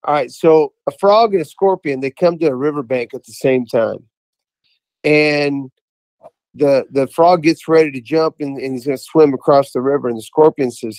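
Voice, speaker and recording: This caller's voice is fairly high and darkish in tone, at a normal speed, captured in low quality with no echo. He's chatting casually on a podcast, telling an enthusiastic, rambling story with plenty of restarts.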